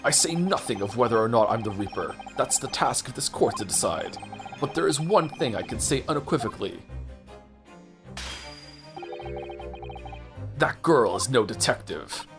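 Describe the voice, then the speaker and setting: A man's voice: mid-range voice, lively intonation, brisk, natural voice. A man reading a game aloud, voicing a cold, haughty aristocratic British prosecutor with formal old-fashioned diction. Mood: disdainful. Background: game music.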